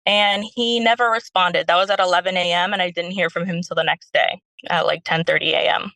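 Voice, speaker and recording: A woman's voice: fairly low pitch, fairly even intonation, brisk, bright, forceful tone, no room sound, low-quality recording. A young woman calling in as a stay-at-home mom, telling her story in a rambling way with many fillers. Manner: rambling, lots of fillers, retells quotes.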